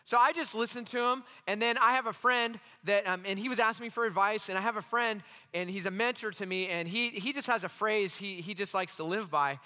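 A man's voice: sits high, a little fast. A man preaching as a pastor, telling stories with acted-out dialogue and jokey asides. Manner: animated, acts out dialogue in the stories. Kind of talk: sermon with storytelling. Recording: long hall reverb.

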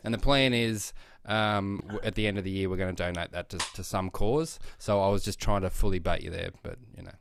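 A man's voice: low voice, gravelly. A man hosting a podcast, talking casually with a teasing tone and laughing easily. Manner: teasing, lively, quick to laugh. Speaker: podcast host. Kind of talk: casual chat.

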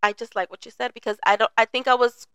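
A woman's voice: a little high, fairly even intonation, fast, fairly bright tone, smooth, dry recording. A woman in her thirties co-hosting a podcast, talking earnestly and reflectively in casual chat. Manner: earnest, reflective, acts out apologies. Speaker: podcast co-host.

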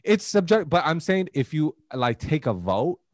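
Animated young man. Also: moderate pace, no room sound, clean studio sound. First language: Mandarin. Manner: animated, profane, jokey, rises sharply in pitch when worked up. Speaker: podcast co-host. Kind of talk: casual podcast chat.

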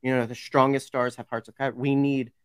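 A man's voice: mid-range voice, flat delivery, a little fast, smooth, no room sound, studio quality. A man hosting a casual podcast chat, enthusiastic but hesitant, with frequent ums. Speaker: podcast host.

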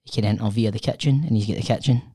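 A man's voice: on the low side, very fast, warm tone, slightly rough. A Scottish man in his thirties, co-hosting a podcast in a studio, telling a long rambling story in casual chat with some swearing. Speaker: podcast co-host.

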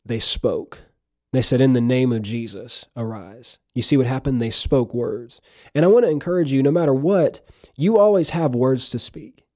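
A man's voice: medium pitch, animated, moderate pace, warm tone. A man preaching a conversational sermon for his podcast, asking rhetorical questions and dropping in chuckling asides.

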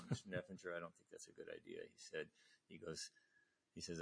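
Deep husky-voiced older admiral telling stories. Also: male voice, brisk. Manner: animated storyteller, voices quoted people with pitch jumps. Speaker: retired admiral, guest. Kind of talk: storytelling in conversation.

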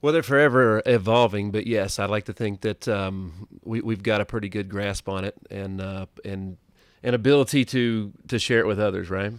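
A man from Nashville with a light Southern accent and a lowish voice, recorded close and dry. He answers easily and agreeably as a podcast guest. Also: steady tone, normal speed, no echo. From Nashville, Tennessee. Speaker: guest, business owner. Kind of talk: casual interview talk.

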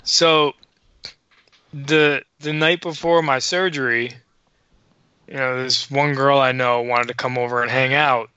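A man casually telling a story on a podcast, animated and profane, acting out the dialogue. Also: mid-range voice, unhurried, long pauses, smooth, no echo, highs cut off. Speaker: podcast co-host.

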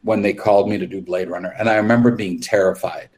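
A man speaks as a podcast guest, telling stories from his career in an open, loose way. His voice sits low, and his sentences often restart before he finds his point. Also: steady tone, fast talker, darkish tone. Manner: candid, rambling with frequent restarts. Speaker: makeup artist guest. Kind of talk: casual interview storytelling.

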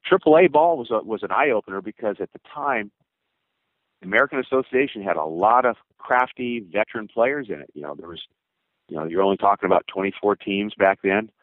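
Low-voiced older man telling stories over a phone line. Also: expressive, a little fast, no room sound. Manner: rambling, with many fillers and acted quotes. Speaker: former baseball pitcher. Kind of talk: storytelling interview answers. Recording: tinny phone-line sound.

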